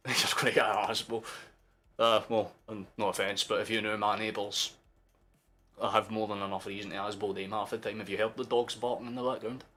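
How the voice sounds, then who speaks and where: Man, young, live match watchalong, excitable, swearing, shouting bursts, bright edgy voice. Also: on the low side, fairly quick. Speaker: streamer, football fan.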